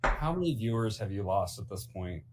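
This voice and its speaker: A man's voice: lowish voice, sing-song, a little fast, slight background noise. A man in his forties chatting casually on a late-night stream, loose and joking, laughing often. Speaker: guest co-host.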